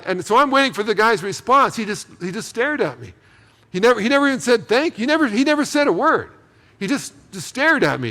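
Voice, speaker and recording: A middle-aged man telling a story in a sermon, animated and acting out the dialogue. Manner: animated, acts out dialogue with pitch jumps. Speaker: speaker. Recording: long hall reverb.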